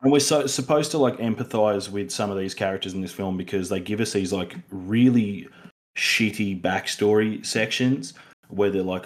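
A man's voice: on the low side, normal speed. A young Australian man co-hosting a casual film review podcast, rambling with many fillers and restarts. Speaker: podcast co-host.

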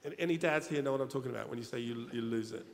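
Gravelly and rapid-fire, this medium-pitched middle-aged man preaches a funny, story-filled sermon to the congregation of a large church, joking and chatting with them directly. The recording is very noisy, with a reverberant hall and faint room ambience.

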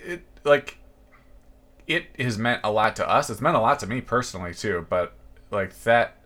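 A man co-hosting a podcast, talking in a relaxed, hesitant way. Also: on the low side. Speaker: podcast co-host. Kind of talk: casual chat.

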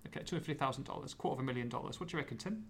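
A man's voice: mid-range voice, very fast. A man hosting a casual podcast, running a quiz with upbeat, bantering energy. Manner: upbeat, bantering, lively delivery. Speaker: podcast host.

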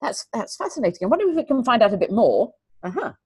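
A middle-aged woman, a teacher, talking earnestly in an interview and telling stories with lively, repeated emphasis. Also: fairly high pitch, quick pace, husky, no echo. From England. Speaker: teacher and guest. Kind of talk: conversational interview.

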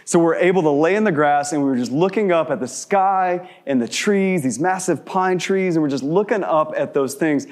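A male pastor preaching in a relaxed, conversational style with a slightly higher voice than most men. He fires rhetorical questions at his listeners and slows right down to a quiet hush when he wants a point to land. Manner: shifts between quick asides and slow, hushed emphasis. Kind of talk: sermon.

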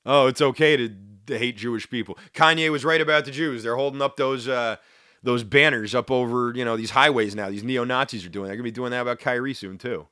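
A man's voice: medium pitch, fast, pushed and bright, smooth, no echo, studio quality. Indignant man ranting on a podcast. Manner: emphatic and indignant, with sarcastic asides. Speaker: podcast host. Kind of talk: opinionated solo podcast commentary.

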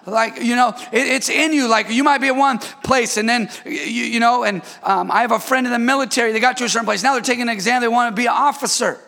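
High, gravelly preacher man in a hall. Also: quick pace, few pauses. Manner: call-and-response preaching, shouting then dropping low. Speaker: pastor. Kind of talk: sermon. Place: church sanctuary.

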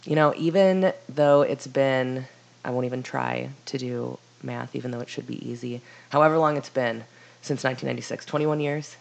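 Woman on a movie podcast, dry sarcastic jokes, crackly fry all over. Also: rumbling low, moderate pace, darkish tone. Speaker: podcast co-host. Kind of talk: casual movie review chat.

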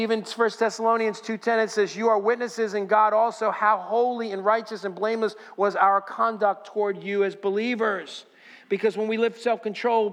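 A pastor preaching a sermon in a fairly high voice, recorded with a long reverb that rings through the hall. He poses rhetorical questions to his listeners and shifts between fervent exhortation and soft, reflective storytelling. The sound stays roomy and live throughout. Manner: preaching with rising intensity, then quiet reflective storytelling.

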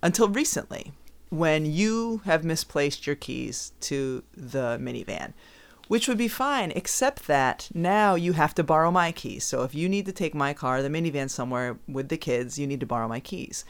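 A woman's voice: deep voice, lively intonation, normal speed. Teasing woman podcast co-host. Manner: teasing, laughs often while talking. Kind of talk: casual chat.

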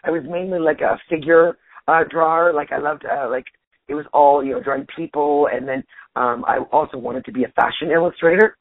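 Husky woman on a phone line. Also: deep voice, fairly quick, dry recording. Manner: animated, restarts sentences. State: nearly losing her voice. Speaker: stand-up comedian guest. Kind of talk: casual interview chat. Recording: tinny dry phone line.

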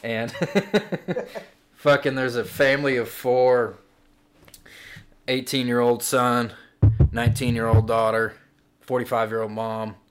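A man co-hosting a comedy podcast, crudely riffing an improvised horror story between laughs. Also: on the low side. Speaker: podcast co-host.

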